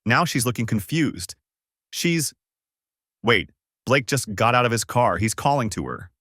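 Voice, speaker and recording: A man's voice: mid-range voice, expressive, measured pace, no room sound, clean studio sound. A man voicing a tense young woman who urgently reports what she sees, in an audiobook. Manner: urgent, hushed play-by-play. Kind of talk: audiobook character voice.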